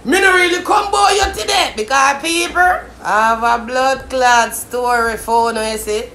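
A woman with a Jamaican accent ranting comically in patois, swearing, shouting and slipping into a sing-song delivery. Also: high voice, normal speed, reverberant, slight background noise. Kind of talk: comedic rant in patois.

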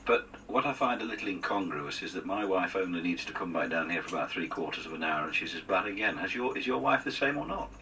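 Radio host guy, deep but bright-sounding, teasing his guest, kinda far off mic. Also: animated, fast, hardly any pauses, slight background noise. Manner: teasing questions. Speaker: radio interviewer. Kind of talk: radio interview.

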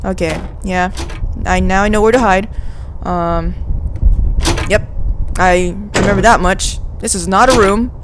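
A woman's voice: mid-range voice, steady tone, measured pace, background noise. A young woman hosting a let's play, chatting casually to herself as she plays and getting easily startled. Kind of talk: casual gameplay commentary.

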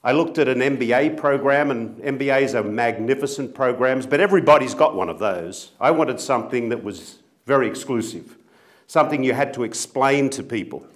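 Addressing an audience as chief executive of his company, a middle-aged Australian man talks briskly at a medium pitch. He's sincere but pokes a little fun at himself.

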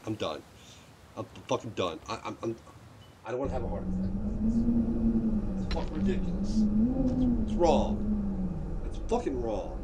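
A man's voice: mid-range voice, heavy background noise. A man streaming a game, commenting live with frustrated outbursts and swearing.

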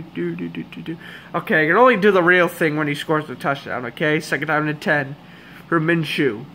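A young man calling a football game as a fan commentator, hoarse and under the weather, with sarcastic, exasperated asides. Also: on the high side, sharp tone, a little hiss or hum. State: hoarse, voice giving out. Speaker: amateur play-by-play commentator.

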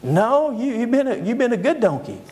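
A man's voice: very high voice, big pitch swings, moderate pace, darkish tone, slight background noise, voice pushed up. A man playing a sly, greedy prophet. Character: greedy scheming male prophet.

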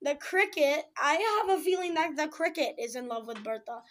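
A woman's voice: high-pitched, moderate pace, fairly bright tone. A young woman reviewing a film in a casual, dramatic and sarcastic way, ranting in exasperation.

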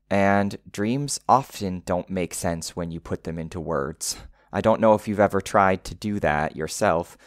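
A man's voice: deep voice, dry recording, clean studio sound. A man teaching English through a song, patiently explaining one word at a time for learners. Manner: patient, spells out word meanings step by step; drops into a soft whisper to demonstrate.

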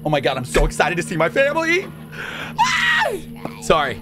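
A man hosting a let's play, joking and excitable, swinging from mumbles to shouts. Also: fairly high pitch, very fast, over loud music. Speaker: gaming channel host.

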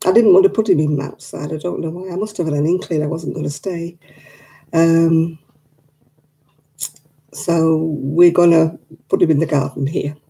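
A woman talks to her live audience over a webcam mic, stopping to greet viewers by name and answer their comments. Her voice is very dark and gravelly, with plenty of fry, and she keeps a casual, heartfelt tone. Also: low-pitched, steady tone, normal speed, pauses often, poor audio. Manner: emotional about her late dog. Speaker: craft livestream host.

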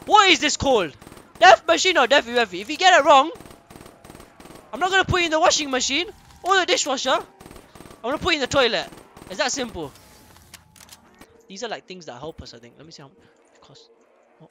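A young man giving loud, excitable gameplay commentary as a streamer, repeating phrases in bursts. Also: very high voice, fairly quick, pauses often. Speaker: gaming streamer.

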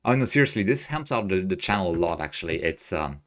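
A man's voice: deep voice, expressive, quick pace. A man hosting a live astrophotography stream, thinking aloud as he works and cheerfully answering viewers' chat. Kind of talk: live-stream screen tutorial, reading chat. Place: home desk, Tokyo.

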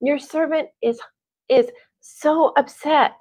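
A woman's voice: high voice, steady tone, slow, darkish tone, voice pushed up. A woman voicing a pleading, grieving young mother-to-be. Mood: earnest.

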